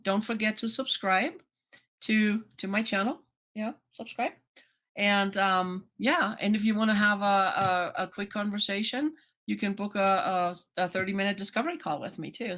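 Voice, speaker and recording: A life coach talking casually to a vlog audience, chatty and full of "you know" and "right?", acting out remembered conversations. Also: mid-range voice. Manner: acts out remembered conversations in lively voices. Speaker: life coach and channel host.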